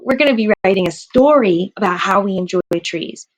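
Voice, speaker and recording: A woman's voice: mid-range voice, animated, a little fast. A woman teaching a kindergarten writing lesson, stretching out words and sounds for young children.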